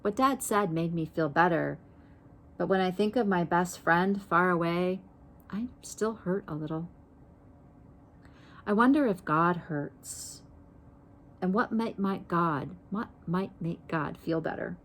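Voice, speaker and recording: Female reader for a children's picture book: slow, gentle, somewhat low voice, stops to pose questions to listeners. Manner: gentle, unhurried, pauses to ask listeners questions. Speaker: storybook reader.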